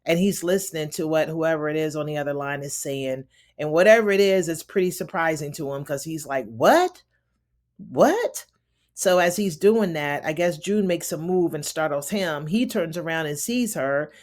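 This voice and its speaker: A woman with a somewhat low voice talks through a TV episode in a loose, chatty recap. She slips into the characters' voices to act out their lines, then drops back to her own casual commentary. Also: normal speed. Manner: animated, acts out characters' lines in shifting voices; chatty, addresses listener as honey. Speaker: TV recap reviewer. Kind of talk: casual recap with acted-out quotes.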